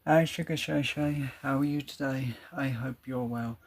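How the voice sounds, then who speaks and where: A man's voice: mid-range voice, fairly even intonation, moderate pace. A man chatting casually to his live stream viewers, rambling a bit and laughing often. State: out of breath.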